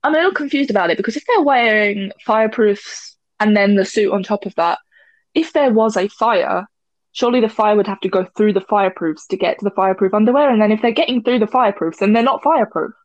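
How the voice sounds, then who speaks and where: A woman's voice: medium pitch, quick pace, dry recording, highs cut off. Woman cohost chatting away on a podcast, laughs a lot, dry room. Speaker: podcast co-host. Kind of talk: casual chat.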